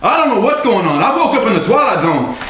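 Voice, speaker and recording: A man delivering an angry, rambling monologue to camera, often shouting. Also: high voice, very animated, quick pace. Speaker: political video blogger. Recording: very echoey room.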